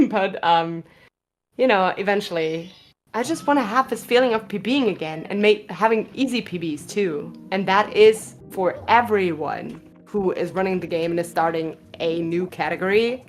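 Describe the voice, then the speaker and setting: A woman with a slight lisp commentating a live speedrun stream from a booth, chatty and quick to laugh. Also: mid-range voice, faint music behind. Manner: chatty, laughs often, restarts phrases.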